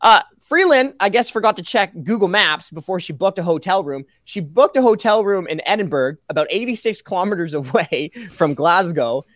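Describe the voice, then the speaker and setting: Lively high-voiced man, animated guest. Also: normal speed, hardly any pauses, no echo, clean studio sound. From Canada. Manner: energetic, sarcastic, rattling off examples with laughs. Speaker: guest, taxpayer advocate. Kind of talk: animated podcast interview.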